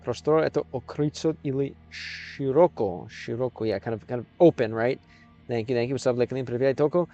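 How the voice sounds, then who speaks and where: A man, a native English speaker, live-streaming in a casual chat, sounding out Russian words slowly and thinking aloud as he thanks viewers. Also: medium pitch, dark tone, muffled recording, soft background music.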